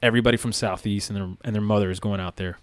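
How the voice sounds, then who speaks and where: A man's voice: on the low side, racing, no echo. A man, a former police officer, recounting a story casually with lots of fillers. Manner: relaxed, rambling with many fillers.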